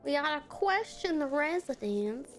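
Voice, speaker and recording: An excitable woman streamer chatting casually with viewers as she plays, swearing freely and laughing often. Her voice sits on the high side, with faint game music behind. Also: unhurried. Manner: excitable, profane, laughs a lot. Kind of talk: casual gaming stream chat.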